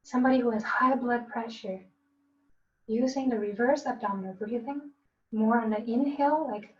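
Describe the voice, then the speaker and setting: A fairly high-voiced woman leads a tai chi breathing lesson in a calm, coaching way. She sounds a little distant in a roomy space, with a dull, slightly hissy sound. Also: normal speed. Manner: calm, coaching, demonstrates gasps and laughs.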